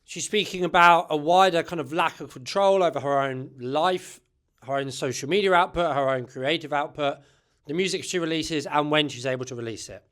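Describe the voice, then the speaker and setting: A man's voice: a little high, normal speed, fairly bright tone. Chatty man, opinionated commentary. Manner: chatty, opinionated, says "right?" often. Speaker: music channel host. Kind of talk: casual commentary to camera.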